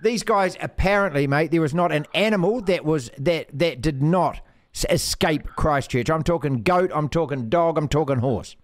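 A man hosting a radio show, bantering casually with a jokey, animated manner and bursts of mock outrage. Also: fairly high pitch, normal speed. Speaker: radio host.

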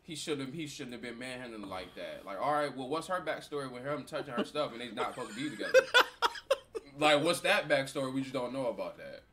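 A man's voice: medium pitch, brisk. A young man casually commenting on a video with his brother, laughing often and acting out what people say. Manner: animated, laughing, acts out quotes. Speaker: co-host reacting to a video.

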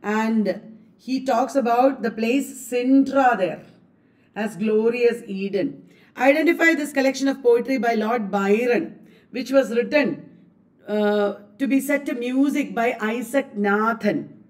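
A woman lecturing at a slow, deliberate pace and drilling her students through exam questions. Her fairly high voice sounds a little removed from the microphone, as in a classroom recording. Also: a little mellow, far from the mic. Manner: quizzing students with repeated questions. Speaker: English literature exam coach.

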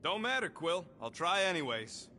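An actor voicing a surly, short-tempered male talking raccoon in a video game, gruff, complaining and cursing. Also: sits high, very animated, normal speed, pushed and bright, a little hiss or hum, heavily acted. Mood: sarcastic. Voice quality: gruff and grumbling. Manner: complaining, cursing in made-up swears.

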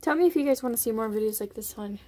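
A pet vlogger with a high, slightly mellow voice chats rapid-fire to her pet rats at their cage indoors, coaxing and giggling. She's filming on a phone held up as she talks.

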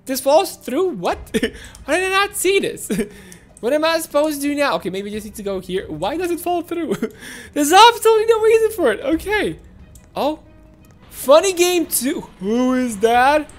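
High-voiced excitable woman gaming host. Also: normal speed, faint music behind. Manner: excitable, talks to viewers as "guys", shrieks and repeats words under pressure. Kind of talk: let's-play game commentary.

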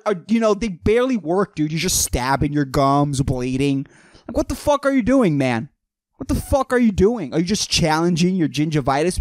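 A man's voice: on the high side, no echo. A young man hosting a solo podcast, ranting in a rambling, mocking, profane way and saying "dude" constantly. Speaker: podcast host.

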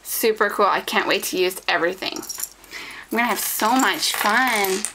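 A woman's voice: mid-range voice, a little slow, noisy background. A woman vlogger chatting casually as she unwraps a package of scrapbooking supplies, gushing with delight. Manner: gushing, excited, addresses viewers as guys. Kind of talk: casual unboxing chat.

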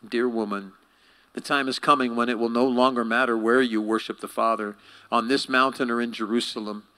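A man voicing a calm, knowing Jesus speaking to a woman, in a measured, earnest way. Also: medium pitch, clean tone, natural voice.

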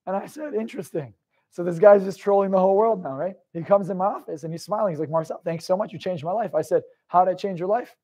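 A young man with a high-pitched voice tells motivational stories as a confidence coach. He drops into quiet, confiding narration, then breaks into loud, forceful outbursts, swearing casually as he drives his point home. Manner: swings from low storytelling to loud emphatic outbursts, swears freely. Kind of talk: motivational storytelling monologue.

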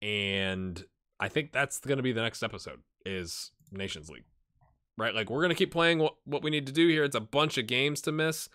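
Male let's-play host, bright voice, rambling and chatty, addresses viewers directly. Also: mid-range voice, moderate pace. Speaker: gaming channel host. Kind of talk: casual let's-play commentary.

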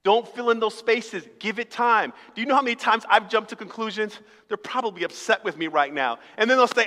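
A man's voice: sits high, fairly quick, few pauses, bright, forceful tone. A man preaching a sermon as pastor, talking in a conversational, humorous way and acting out little dialogues. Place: church sanctuary. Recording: long reverb of a church hall.

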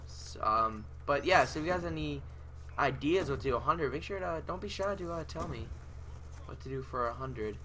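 A young man giving chatty commentary over his gameplay, often breaking into loud, raging yells, on a desktop mic at home. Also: a little high, lively intonation, brisk, slight background noise. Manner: chatty, often bursting into yelling rage. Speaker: gaming channel host. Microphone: desktop USB mic with pop filter.

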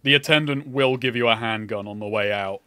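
Male host, bright clear voice, dry close mic, deadpan wit. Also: mid-range voice, fairly quick, no room sound, faint music behind. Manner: dry, self-deprecating joker. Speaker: streamer host. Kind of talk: casual stream chat.

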